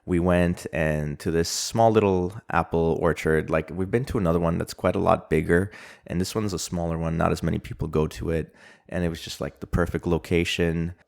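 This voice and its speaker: A man's voice: sits low, steady tone, fairly quick, vocal fry, a little mellow. A young man with a Canadian accent hosting a casual solo podcast, telling stories in a rambling way with lots of fillers and little chuckles. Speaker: podcast host.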